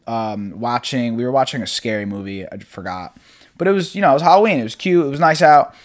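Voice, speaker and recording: A young man talks loosely into the mic at home, hosting his own podcast. He rambles in a laid-back way, drops casual swears and laughs a lot. His pitch sits in the middle of the male range. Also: animated, quick pace. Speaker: podcast host. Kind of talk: casual solo podcast chat. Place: apartment room at home.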